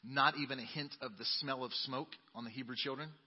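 A male pastor preaching a sermon, reading scripture dramatically and swinging between booming emphasis and soft asides. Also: steady tone, fairly quick, slightly rough, in a large hall, dull audio. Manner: dramatic Bible reading with sudden loud and quiet turns. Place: church sanctuary.

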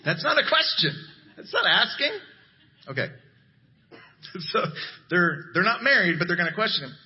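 Animated preacher man, high lively voice. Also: normal speed, long pauses, lo-fi sound. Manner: animated, rising to emphatic highs. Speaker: pastor. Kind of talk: sermon.

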